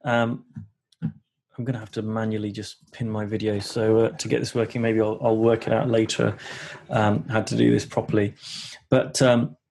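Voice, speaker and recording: A man's voice: on the low side, flat delivery, moderate pace, gravelly, darkish tone. A man hosting a live coaching webinar over a video call, talking casually with many fillers and restarts.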